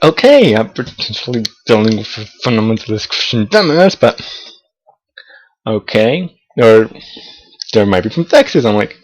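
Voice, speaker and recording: A man's voice: fairly low pitch, poor audio. Young adult male vlogger; loose, profane, meandering delivery with hesitant restarts. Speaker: college student vlogger. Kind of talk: casual talking-head vlog. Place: South of the United States.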